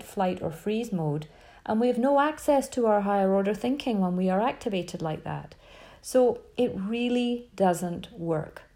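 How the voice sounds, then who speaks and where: A woman's voice: medium pitch, warm tone. A woman hosting a parenting podcast, giving earnest, emphatic advice and often listing words in a row. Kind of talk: advice talk.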